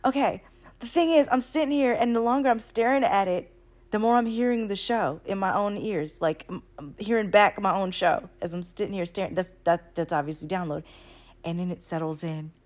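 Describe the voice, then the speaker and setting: A woman talking at home at night in a rambling, excitable casual monologue, full of swearing and slang. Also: medium pitch, brisk. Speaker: spiritual channeler.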